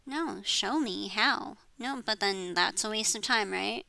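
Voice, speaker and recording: Slow, gravelly woman venting. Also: medium pitch, sharp tone, rough recording. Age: 30s. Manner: rambling, frustrated, trails off and restarts, swears. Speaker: vlogger. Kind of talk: rambling personal venting monologue.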